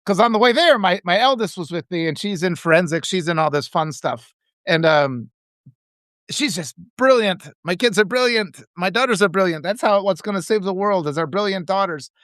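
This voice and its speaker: A middle-aged man hosting a casual live stream, talking in a rambling, animated way with many restarts and laughs. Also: sits high, moderate pace, no echo, studio quality. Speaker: author and live-stream host.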